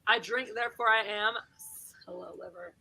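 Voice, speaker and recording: A woman's voice: mid-range voice, fairly even intonation, moderate pace, bright, forceful tone, slightly rough, low-quality recording. A woman hosting a casual livestream, chatting to viewers, greeting them by name and dropping into whispered asides. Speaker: livestream host.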